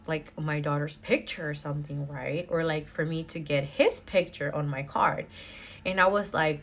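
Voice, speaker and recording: A young woman vlogger talks to the camera in a casual storytime chat. Her voice is fairly low-pitched and fairly bright, and she's chatty, stuffing her speech with likes, y'alls and nervous laughs.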